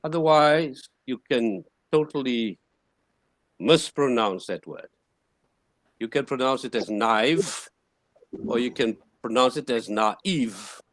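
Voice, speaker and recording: Slow-spoken man teaching a class. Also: medium pitch. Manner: slow and repetitive, sounding words out syllable by syllable. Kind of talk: classroom lesson.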